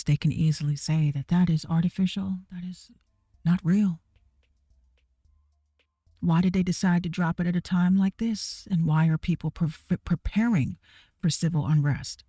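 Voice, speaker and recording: A woman's voice: on the low side, mellow, dry recording, clean studio sound. A woman ranting bluntly and heatedly to her viewers, swearing a lot and repeating herself for emphasis. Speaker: online creator ranting to viewers. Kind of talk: profane rant to camera.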